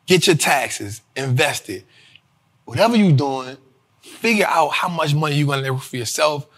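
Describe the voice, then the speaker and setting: A man hosting his own show, talking casually to viewers about money and investing, animated and profane, often laughing and addressing them as "y'all". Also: fairly high pitch, normal speed, breathy edge. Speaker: show host.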